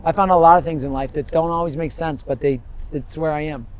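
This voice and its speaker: A man in his fifties telling his story in a rambling, animated way on an outdoor street interview, laughing often. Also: a little high, fairly quick, clean tone. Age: 50s.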